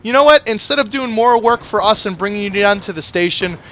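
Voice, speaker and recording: A man quoting a gruff, curt cop. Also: sits high, lively intonation, brisk, a bit bright, rough recording. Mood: mocking. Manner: curt, barking orders. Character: gruff male police officer, blunt and mocking.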